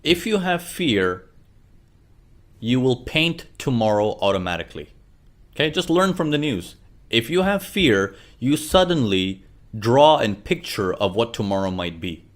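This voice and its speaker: A man's voice: mid-range voice, sing-song, measured pace. A man teaching a trading lesson over a chart, repeating his questions and acting out traders' worries. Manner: repeats questions, acts out traders' inner voices. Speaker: trading instructor. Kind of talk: screen-share trading lesson.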